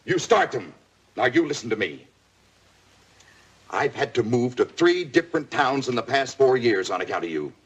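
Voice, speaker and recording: A man's voice: mid-range voice, big pitch swings, normal speed, long pauses, husky. An actor playing a stern working father who scolds his daughter, in 1950s TV drama style. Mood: angry. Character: stern hardworking father, fed up.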